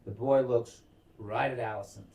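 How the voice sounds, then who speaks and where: A man co-hosting a podcast, casually recapping a TV episode, animated and swearing often as he acts out the characters' lines. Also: medium pitch, moderate pace, gravelly, distant mic, a crowd in the background. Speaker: podcast co-host.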